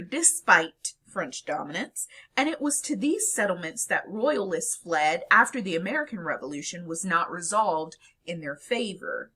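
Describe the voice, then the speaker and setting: A woman giving a recorded lecture, explaining in a lively way with occasional fillers. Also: mid-range voice, breathy edge.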